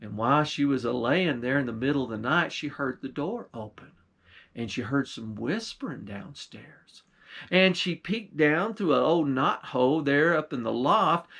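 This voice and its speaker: A man's voice: mid-range voice, animated, a little slow, a bit bright. A man, a pastor, telling an old folktale in a folksy rural dialect. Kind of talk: folktale storytelling.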